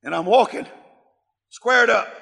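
A middle-aged man preaching a sermon, telling a story with fervent emphasis and bursts of shouting. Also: sits high, measured pace, creaky. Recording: long hall reverb.

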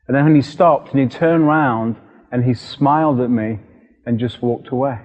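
A British man preaching a sermon as a story, lively and re-enacting scenes with sudden shouts. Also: medium pitch, normal speed. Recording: dull recording with long hall reverb.

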